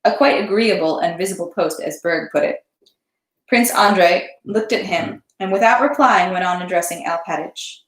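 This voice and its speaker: A woman reading a classic novel aloud in a steady voice, then chatting casually about the story. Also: fairly low pitch, normal speed. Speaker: read-aloud host. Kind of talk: literary narration, then casual chat. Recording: roomy echo.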